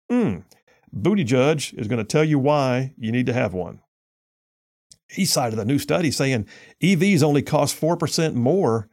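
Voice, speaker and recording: A man's voice: medium pitch, a little mellow. A man hosting a talk radio show, reading news stories and mocking them in a sarcastic, combative way. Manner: sarcastic, combative, reads news then mocks it.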